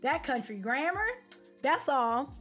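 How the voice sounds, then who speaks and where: A woman streamer chatting casually with her live viewers, animated, slangy and opinionated. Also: sits high, takes it slowly, soft background music. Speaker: game streamer.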